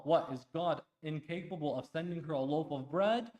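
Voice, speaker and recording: A man preaching a sermon at an Islamic center, impassioned, dropping to a hush and then rising loud, firing rhetorical questions at the congregation. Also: a little high, moderate pace, few pauses. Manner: impassioned, swings between hushed and loud; asks the audience pointed rhetorical questions. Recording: echoey hall.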